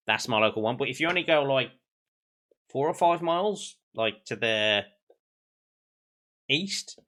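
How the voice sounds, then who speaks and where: A young man with a softened Black Country accent chats loosely with his viewers, often stalling and restarting his sentences. His voice is bright and forward, sitting at an ordinary pitch. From England. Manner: rambling, many restarts and repeated words. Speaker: streamer. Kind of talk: casual chat with chat.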